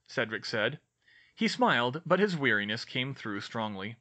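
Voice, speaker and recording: Bright-voiced male audiobook narrator. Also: medium pitch, sing-song, normal speed. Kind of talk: scripted fan-fiction narration.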